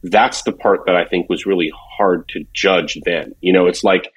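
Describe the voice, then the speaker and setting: Husky man telling rambling stories. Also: low voice, fairly even intonation, moderate pace. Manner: rambling storyteller, many fillers and restarts. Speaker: former drum company worker telling stories. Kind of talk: casual podcast chat.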